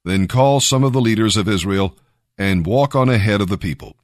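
A man reading the words of the Lord in a Bible story, slow and solemn. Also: lowish voice, dry recording, clean studio sound, close to an everyday voice. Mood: commanding. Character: the Lord, solemn commanding divine voice.

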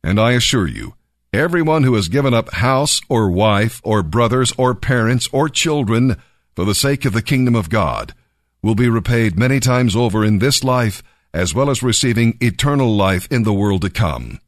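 A man reading aloud, voicing Jesus as a calm, solemn teacher with a measured, earnest delivery. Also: mid-range voice, no echo, clean studio sound, natural voice.

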